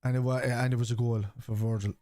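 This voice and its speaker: A man's voice: medium pitch, level tone, fast talker, warm tone, dry recording, clean studio sound. A man hosting a live fan watchalong, reading out and answering viewer chat in a blunt, casual way, swearing freely. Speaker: fan channel host.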